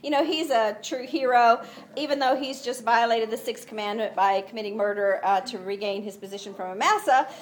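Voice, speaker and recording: A woman preaching a sermon, retelling the story in an animated way and acting out the voices. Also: fairly high pitch, brisk. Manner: animated storytelling, acts out voices, laughs often.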